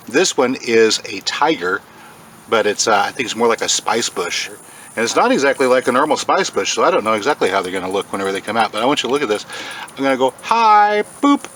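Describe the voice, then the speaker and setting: Bright-voiced man chatting outdoors. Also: fast talker, a little hiss or hum. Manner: chatty, talks in a high sing-song voice to cats and caterpillars. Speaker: farm channel host. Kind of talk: casual outdoor vlog. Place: outdoors on a farm.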